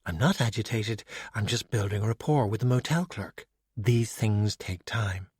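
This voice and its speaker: A man's voice: lowish voice, normal speed, a little mellow, husky, dry recording, studio quality. A man voicing a spirited teenage Irish girl detective, insistent and wry. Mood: strained.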